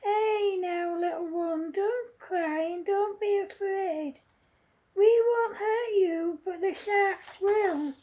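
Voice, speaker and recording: Brief: a gentle, soothing storybook dad dolphin, read by a woman, high and unhurried. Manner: soothing and reassuring. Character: kind gentle father dolphin.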